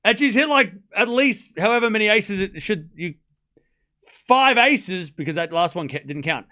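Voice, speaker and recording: A man's voice: high voice, lively intonation, normal speed, bright, forceful tone. A young man hosting a live tennis watchalong stream, mixing play-by-play with chatty joking asides. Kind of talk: live streamed match commentary.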